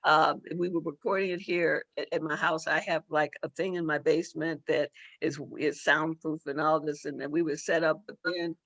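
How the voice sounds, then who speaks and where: A woman's voice: low-pitched, steady tone, moderate pace, few pauses, a bit bright, no room sound. A middle-aged woman, a judge and author, telling a personal story as an interview guest, emotional and full of repeated words and restarts. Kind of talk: storytelling in a talk-show interview.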